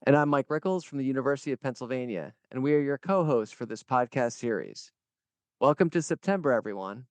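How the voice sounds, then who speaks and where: Male co-host, smooth, clear voice with wry humor, dry close mic. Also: medium pitch, expressive, brisk, no room sound. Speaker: podcast co-host. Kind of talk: podcast intro and banter.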